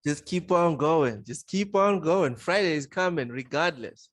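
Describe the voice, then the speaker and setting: A man's voice: fairly high pitch, expressive, unhurried. A man co-hosting a casual gaming podcast, protesting his friend's teasing in exasperated, laughing banter. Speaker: podcast co-host.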